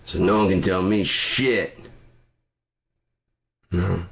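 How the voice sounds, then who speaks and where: A man ranting angrily to camera, swearing constantly and breaking into shouts. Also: low-pitched, fairly even intonation, slow, creaky. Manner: profane and furious, shouting at times. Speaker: vlogger. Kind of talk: angry political rant.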